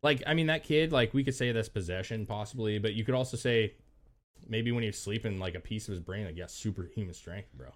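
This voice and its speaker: A young man with a low voice co-hosts a podcast. He swears freely and drags out his phrases in loose chat with his friends. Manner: loose and profane, drawn-out phrasing. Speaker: podcast co-host. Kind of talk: casual chat.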